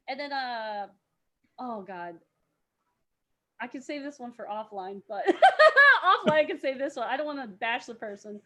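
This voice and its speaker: Rambling, excitable woman telling stories. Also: high voice, measured pace. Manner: rambling anecdotes, many fillers, laughs often. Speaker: podcast guest, cosplayer. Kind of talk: casual storytelling chat.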